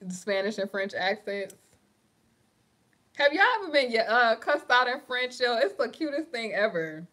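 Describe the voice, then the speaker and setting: Her voice sits on the high side, pushed and bright, with lively intonation at normal speed. She's a young livestream host from New York with a matching accent, casually reading comments, laughing frequently, and chatting in slang.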